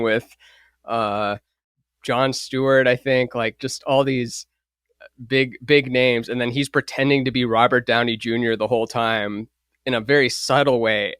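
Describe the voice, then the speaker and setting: A man hosts a podcast in relaxed, upbeat conversation and laughs easily. His voice sits at a middle pitch. The sound is dry and close to the mic. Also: clean tone, no echo. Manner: enthusiastic, laughs often. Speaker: podcast host. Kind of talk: casual chat.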